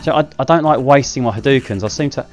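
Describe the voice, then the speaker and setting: A man giving casual, self-mocking commentary while playing a fighting game, with excitable outbursts. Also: medium pitch, fast, soft background music. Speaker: gaming channel host.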